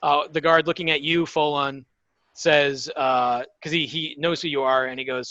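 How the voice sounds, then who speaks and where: A man narrating a tabletop game as game master, halting and full of fillers. His voice is bright and tense, a bit higher than most. The recording is dry and slightly dull. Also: steady tone, no echo.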